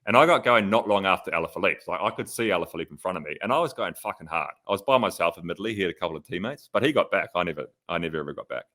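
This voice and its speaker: A man's voice: low-pitched, expressive, rapid-fire, hardly any pauses, pushed and bright. A man on a casual podcast, telling a rambling story, swearing freely and mimicking others. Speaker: podcast co-host, pro cyclist. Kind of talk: casual chat, anecdotes.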